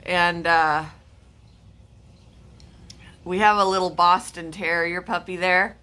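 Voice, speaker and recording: A woman's voice: lowish voice, fairly even intonation, slow, bright, forceful tone, clear, resonant tone. A woman hosting a casual live stream, chatting to her pets and her viewers.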